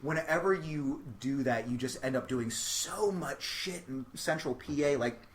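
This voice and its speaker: A man's voice: mid-range voice, a little slow. A young man, a stand-up comedian, telling stories on a podcast, acting out voices and swearing freely. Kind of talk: casual chat, comic storytelling.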